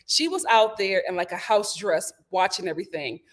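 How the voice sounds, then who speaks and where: A woman's voice: medium pitch, lively intonation, normal speed. A woman hosting a casual recap of a reality TV show, retelling scenes dramatically with gasps and acted-out quotes. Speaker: host of a reality TV review show. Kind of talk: casual recap to a live audience.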